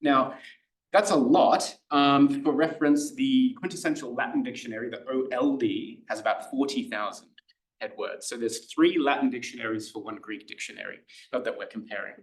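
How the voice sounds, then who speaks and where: In a spacious lecture room that echoes, a distant mic picks up a Greek tutor, an Australian male with a mid-range pitch. His informal lecture comes out chatty and hesitant, with lots of fillers and false starts.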